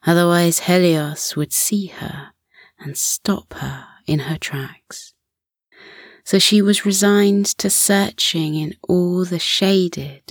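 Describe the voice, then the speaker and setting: A woman narrating a children's bedtime story in a soft, half-whispered, soothing voice. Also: low-pitched, breathy edge, dry recording, clean studio sound.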